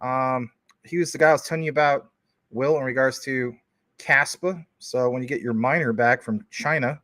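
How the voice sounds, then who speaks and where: A man's voice: medium pitch, fairly bright tone, no echo. A man co-hosting a casual livestream, greeting viewers and reading their comments in an upbeat, jokey way. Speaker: livestream co-host.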